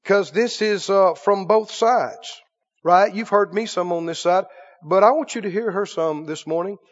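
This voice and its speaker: A man's voice: high-pitched, unhurried, long reverb tail, lo-fi sound. A male pastor delivering a sermon, preaching emphatically and checking in with the congregation through repeated questions. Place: church sanctuary.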